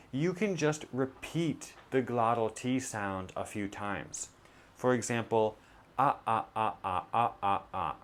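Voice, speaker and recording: Male teacher, mid-pitched, unhurried delivery, carefully models each sound for learners. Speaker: pronunciation teacher. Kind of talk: English pronunciation lesson.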